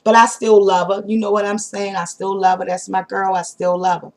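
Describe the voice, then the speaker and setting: A woman telling a storytime in a lively, slangy way, with a voice of middling pitch for a woman. She talks directly to her viewers as if chatting with a friend. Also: a little fast. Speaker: vlogger. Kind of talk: casual storytime.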